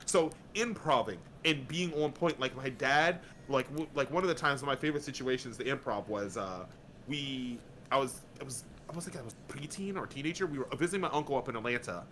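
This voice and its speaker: A man from Florida, a guest on a casual podcast, telling lively stories and swearing freely. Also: mid-range voice, slight background noise. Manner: animated storyteller, slips into quick voices, swears freely.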